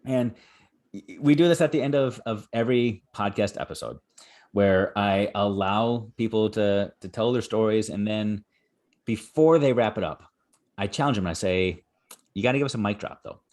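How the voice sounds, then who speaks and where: A man hosting a podcast, talking in an earnest, encouraging and animated way. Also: lowish voice, normal speed. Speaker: podcast host. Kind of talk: conversational podcast interview.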